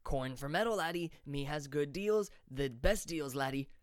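A man's voice: a little high, normal speed, clean tone, dry recording, studio quality, close to an everyday voice. A man voicing a shifty, toothless male merchant who talks in broken grammar and pushes his cheap goods. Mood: wheedling. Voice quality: broken grammar, pushy sales patter.

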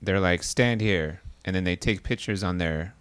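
Brief: relaxed podcast co-host, man, lowish voice, mumbly and wry, close dry mic. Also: brisk, clear, resonant tone, no echo. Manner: laid-back, mumbling, joking. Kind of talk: casual chat.

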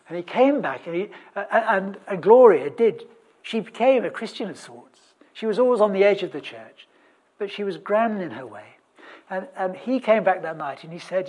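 A preacher giving a chatty, humorous sermon, telling a story with wry asides and questions to the congregation, with many restarts and sudden loud bursts of emphasis. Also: mid-range voice, big pitch swings, moderate pace, husky. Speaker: preacher in a church service.

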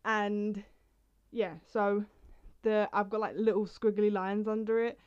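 A woman's voice: mid-range voice, flat delivery, unhurried, a little mellow, clear, resonant tone. Rambling young woman poetry vlogger. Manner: rambling, chatty, self-interrupting. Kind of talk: casual chat and poetry reading. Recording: slightly dull lo-fi sound.

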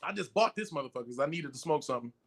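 A middle-aged man, a podcast guest, telling profane stories in an animated way and acting out the voices of the people in them. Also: a little high, rapid-fire, slightly rough. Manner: excitable and profane, acts out voices in his stories. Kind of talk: animated storytelling in casual chat.

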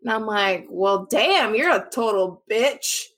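A woman's voice: mid-range voice, expressive, slow, a bit bright. A woman co-hosting a podcast, telling a story in a brash, profane way during a casual chat. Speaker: podcast co-host.

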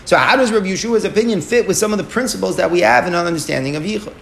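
A man's voice: high voice, lively intonation, rapid-fire, vocal fry, a bit bright, slight background noise. A man teaching a Talmud lesson, explaining step by step and asking and answering his own questions, with Aramaic and Hebrew terms mixed in.

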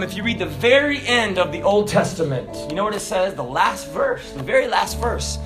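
A man preaching a sermon, swinging from booming shouted lines to quiet, casual asides full of "you know" and "like". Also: animated, normal speed, few pauses, music in the background. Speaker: pastor.

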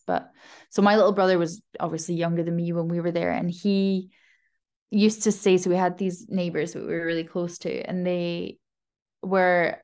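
A young Scottish woman talks easily in a light Glaswegian accent. Her voice sits a little low, and she laughs often. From Scotland. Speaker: guest. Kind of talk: casual chat.

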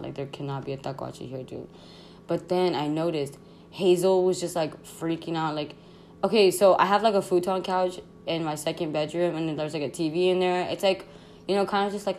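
Slangy, excitable young woman storyteller. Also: low-pitched, a little hiss or hum. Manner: rambling, slangy, excitable, full of fillers. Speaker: podcast host. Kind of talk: casual storytime chat.

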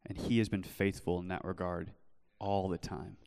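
A young man preaching earnestly in a church, telling his own story and then pleading gently with listeners. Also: deep voice, flat delivery, normal speed, creaky, clear, resonant tone, in a large hall. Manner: earnest, shifts from loud storytelling to soft pleading. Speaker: pastor. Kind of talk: sermon with personal testimony. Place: church hall.

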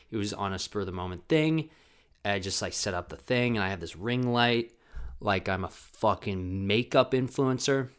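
A young man with a somewhat low voice talks alone into a camera at home. He rambles from story to story, swears freely and mocks himself as he goes. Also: sharp tone. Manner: rambling, profane and self-mocking, with quick mood swings. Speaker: podcast host. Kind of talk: casual solo podcast monologue. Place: home room with a ring light. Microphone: camera mic.

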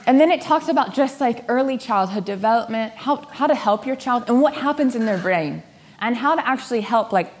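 A woman giving a sermon-style talk, telling stories in an animated way and acting out voices for comic effect. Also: fairly high pitch. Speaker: speaker.

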